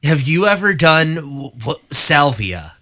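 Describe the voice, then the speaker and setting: Bright-voiced man cracking deadpan jokes. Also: a little high, unhurried. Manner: jokey, deadpan one-liners, swears. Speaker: podcast co-host. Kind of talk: casual movie review chat.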